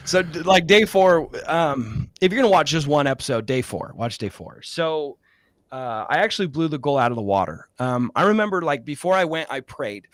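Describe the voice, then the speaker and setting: As a guest in an interview, a male real estate investor recounts something personal with sincerity, leaning on fillers while his feelings grow stronger. He sounds expressive and a bit bright, on the higher side, at a moderate pace in a dry recording.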